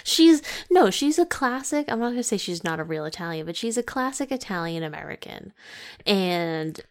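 A woman's voice: medium pitch, animated, moderate pace. A woman co-hosting a casual podcast, chatty and sarcastic, often breaking into laughter. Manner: sarcastic, teasing. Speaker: podcast co-host.

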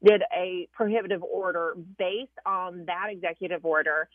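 A woman with a Southern US accent, a political correspondent calling in, explaining things in a measured way with some hesitations. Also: fairly low pitch, steady tone, dry recording. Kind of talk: phone-in interview. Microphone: phone. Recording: tinny dry phone line.

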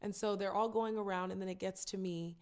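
Woman, casual storyteller, mid pitch, animated. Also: brisk. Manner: animated storyteller, acts out quotes. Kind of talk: casual chat.

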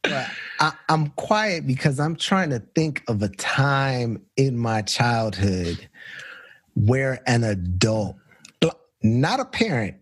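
A laid-back man joking with slang as he co-hosts a casual chat. His voice is husky and moves around lively in pitch, and the sound is dry and close. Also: takes it slowly, dry recording. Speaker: podcast co-host.

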